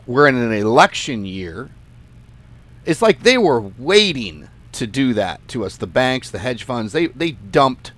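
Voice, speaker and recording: A man hosting a forex trading channel, talking casually and bluntly to his viewers, often exasperated and swearing. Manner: lively, swings pitch and volume. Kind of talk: casual market commentary to viewers.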